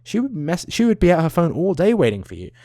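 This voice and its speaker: A man's voice: a little high, wildly swooping pitch, quick pace, dark tone, no room sound, studio quality. A young man, ranting into the camera, swearing often and trailing off into tangents. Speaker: vlogger. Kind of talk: profane rambling rant.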